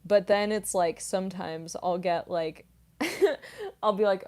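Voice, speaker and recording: A voice actress and streamer, classically trained as a singer, chats casually on a livestream while answering viewer comments, using lots of "like" and "um." Her voice is lowish, steady, unhurried, and somewhat dark.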